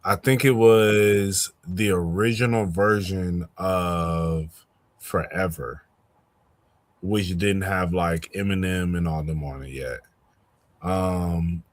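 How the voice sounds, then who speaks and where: A young man hosting a podcast in casual chat, laid-back and drawn-out with many fillers. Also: low voice.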